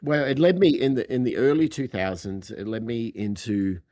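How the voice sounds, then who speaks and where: A middle-aged man with an Australian accent, chatting casually as a podcast guest and telling animated stories that act out quoted dialogue. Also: mid-range voice, normal speed. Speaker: podcast guest, recording engineer. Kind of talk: casual chat.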